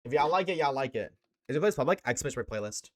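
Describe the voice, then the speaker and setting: A man's voice: medium pitch, expressive, fast. A young man live-streaming, chatting casually with his chat, slangy and swearing often.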